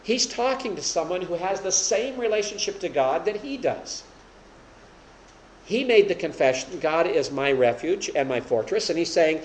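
A man's voice: fairly high pitch, lively intonation, moderate pace, roomy sound, low-quality recording. A man preaching an expository Bible lesson to a small group, explaining each point plainly and raising his voice for emphasis when he quotes scripture. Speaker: preacher teaching a Bible study.

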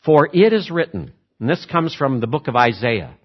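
A man preaching a sermon, emphatic, repeating words for stress and switching between slow, weighty phrases and quick runs. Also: medium pitch, sing-song, dull audio. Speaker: pastor.

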